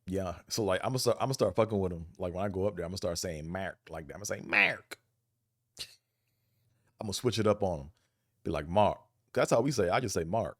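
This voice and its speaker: Man host from Buffalo, Buffalo accent, low-pitched, rambling profane monologue, dry close sound. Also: quick pace, no room sound. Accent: Buffalo, New York. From Buffalo, New York. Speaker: vlog host. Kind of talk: casual monologue.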